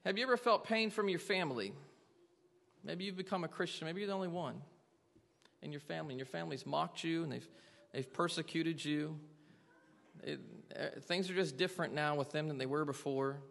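A man's voice: fairly high pitch, fairly quick, gravelly, a bit bright, in a large hall. A man preaching a sermon to a congregation, earnestly asking them question after question. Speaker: pastor.

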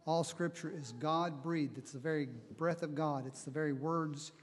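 A man preaching a sermon, reading scripture in a measured way and explaining it. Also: on the high side, fairly even intonation, long reverb tail, a little hiss or hum. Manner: measured Bible reading and teaching, slow on quoted verses.

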